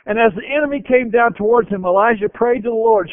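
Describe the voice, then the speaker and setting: A man preaching a sermon and retelling scripture with animated voices. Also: very high-pitched, fast, no echo. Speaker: pastor. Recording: tinny phone-like radio broadcast.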